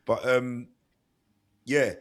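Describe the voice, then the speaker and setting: An animated man talks football on a podcast. He acts out players' thoughts in quick asides and laughs as he goes. His pitch sits in the middle for a man. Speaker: podcast co-host. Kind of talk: casual football chat.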